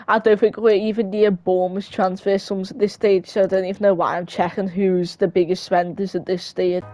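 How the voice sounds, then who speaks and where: A woman's voice: mid-range voice, a little mellow. A woman casually commentating on her football management game, rambling and self-mocking. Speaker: gamer.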